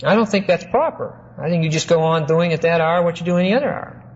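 A pastor preaching in a church, his voice a little higher than most men's. He teaches verse by verse at a measured pace, stretches key words slowly and keeps asking his listeners rhetorical questions. The recording is muffled and lo-fi, with a faint hiss behind him. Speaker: pastor teaching a Bible study. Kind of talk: expository sermon.

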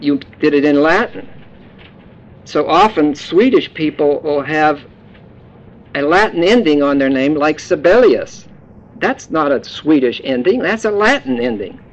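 Guy preaching a sermon, folksy and jokey, kinda high voice, muffled lo-fi recording. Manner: folksy, joking teacher explaining words. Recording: dull lo-fi sound.

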